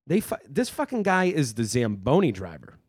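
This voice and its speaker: A man's voice: mid-range voice, big pitch swings, normal speed, darkish tone, slightly rough, dry recording, clean studio sound. A man co-hosting a podcast in casual chat, rambling and hesitant, full of fillers. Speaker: podcast co-host.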